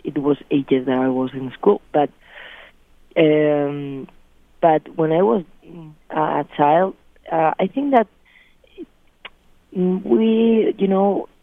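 A Spanish-accented woman from Spain speaks English slowly and haltingly, often restarting words. Her voice comes through dry and tinny, like a phone line. She is a guest on a casual radio interview. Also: deep voice, dry recording.

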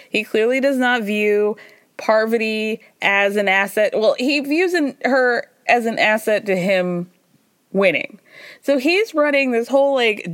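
A woman's voice: medium pitch, dry recording, studio quality. A woman hosting a podcast, recapping reality TV in a chatty, gossipy, wry way, with frequent laughter. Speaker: podcast host. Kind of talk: casual reality-TV recap chat.

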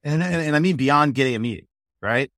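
A man answering interview questions about cold calling, energetic, slipping into quoted call snippets. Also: medium pitch, fast, dry recording, studio quality. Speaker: sales expert guest.

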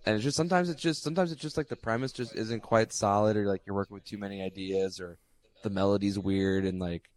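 A man from Georgia, a songwriter guest, talking in animated chat and acting out little scenes. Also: on the low side, fast talker. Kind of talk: casual interview chat.

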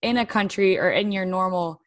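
A woman's voice: mid-range voice, moderate pace, no echo, studio quality. A woman co-hosting a casual chat podcast, talking in a candid, easygoing way and laughing often. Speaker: podcast co-host.

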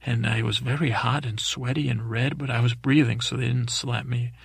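A man's voice: medium pitch, steady tone, normal speed, creaky, husky, no echo, clean studio sound. A man telling a rambling, improvised bedtime story, meandering and correcting himself as he goes. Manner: meandering, full of self-corrections and fillers. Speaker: podcast storyteller.

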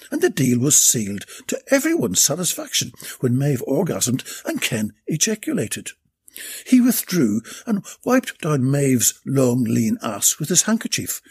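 A man with a gravelly, raspy voice narrating a comic story in a deadpan way. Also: medium pitch.

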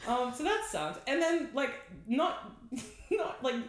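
A woman's voice: sits high, very animated, slow pace. A woman telling a rambling story in casual chat, swearing and acting out what others said. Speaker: podcast co-host. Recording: roomy echo.

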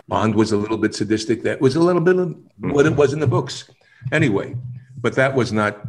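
A man, an actor, telling stories in a casual interview, animated, often laughing and acting out other people's lines. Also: fairly low pitch, a little hiss or hum.

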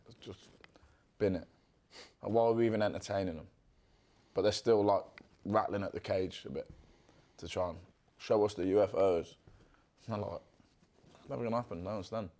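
A man co-hosting a podcast, chatting casually, swearing and jumping between quick impressions. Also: sits low, a little mellow. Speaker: podcast co-host.

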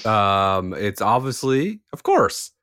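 A man's voice: on the low side, big pitch swings, slow, background noise. A man co-hosting a podcast in casual chat, stubborn and emphatic as he argues his point. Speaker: podcast co-host.

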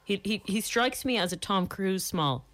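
A woman's voice: mid-range voice, animated, normal speed, a bit bright. A woman, co-hosting and running a quiz in casual chat. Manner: teasing, matter-of-fact quizmaster. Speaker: radio co-host.

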